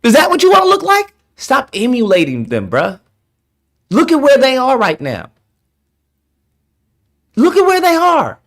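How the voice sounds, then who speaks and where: A man's voice: very high voice, wildly swooping pitch, unhurried, long pauses, a bit bright. A man commentating in a heated, exasperated, profane rant. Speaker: online commentator. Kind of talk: ranting commentary.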